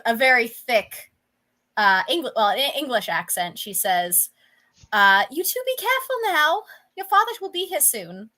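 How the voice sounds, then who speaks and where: Bright-voiced woman game master, rambling. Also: mid-range voice. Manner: rambling, many fillers and restarts. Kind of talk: describing a scene in a tabletop game.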